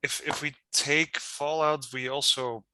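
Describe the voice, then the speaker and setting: A man playing a tabletop role-playing game, reacting slowly with amused remarks. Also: fairly high pitch, steady tone, sharp tone, clean tone, rough recording. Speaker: player.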